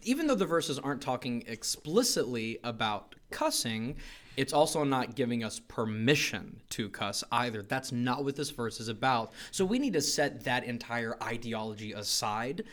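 Guy cohosting a bible chat podcast, medium pitch, emphatic and chatty. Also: animated, moderate pace, fairly bright tone. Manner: conversational, emphatic, thinks aloud. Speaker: podcast co-host. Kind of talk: casual Bible discussion.

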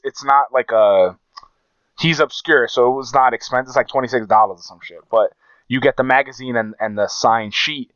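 A man's voice: mid-range voice, clear, resonant tone, dry recording, dull audio. A man co-hosting a casual podcast, swearing freely and acting out the quotes in his stories. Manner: profane, storytelling, acts out quotes. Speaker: podcast co-host.

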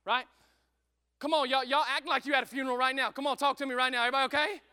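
A pastor preaching a sermon with energy, repeating himself and calling out to the congregation. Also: male voice, very high-pitched, rapid-fire, smooth. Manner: energetic, repetitive, calls out to congregation. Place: church service.

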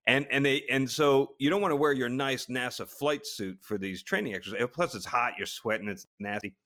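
A man swapping stories on a relaxed podcast, animated and quick to laugh. He stumbles and restarts as he goes, full of energy. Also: mid-range voice. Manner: animated storytelling, laughing a lot, many restarts. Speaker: podcast co-host, former astronaut. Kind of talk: casual chat.

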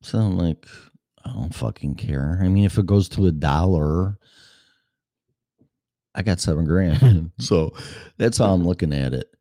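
Low-voiced man rambling bluntly. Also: a little slow, pauses often, dark tone, dry recording, studio quality. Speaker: podcast host. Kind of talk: casual monologue.

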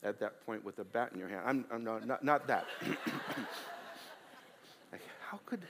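A man preaching a sermon as a pastor, animated, with frequent restarts and repeated words. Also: fairly low pitch, moderate pace, long reverb tail, background noise.

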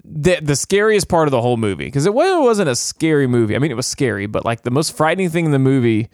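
Animated rambling podcast guy. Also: medium pitch, fast, dry recording, studio quality. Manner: rambling, animated, acts out characters' lines. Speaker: podcast co-host. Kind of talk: casual chat recapping a movie.

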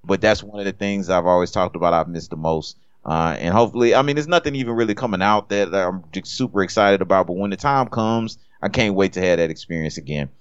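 A man's voice: low-pitched, fast, few pauses, clean tone, muffled recording. A man co-hosting a podcast, talking casually in a laid-back, slangy way. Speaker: podcast co-host. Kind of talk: casual chat.

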